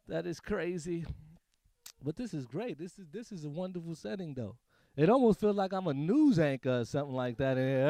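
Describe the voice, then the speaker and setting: A man's voice: on the high side, animated, fairly quick, darkish tone, no room sound. A young adult man doing a loose, rambling stand-up comedy set on a small stage. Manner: loose, rambling, jokey delivery.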